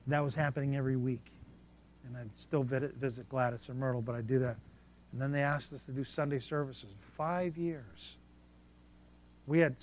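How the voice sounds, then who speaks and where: A male preacher, his voice a bit higher than most men's, tells stories from the pulpit in a sermon. He's animated, sinking into quiet asides before rising into loud bursts, and there's a little hiss or hum.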